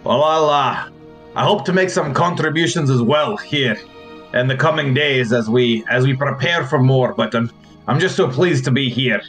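A man voicing a friendly, modest adventurer, polite and a bit halting. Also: medium pitch, fairly bright tone, soft background music, lightly acted.

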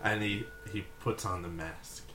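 A man playing a tabletop game who narrates his character's actions in a vivid, halting way. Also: lowish voice, steady tone, roomy sound, background noise. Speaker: player.

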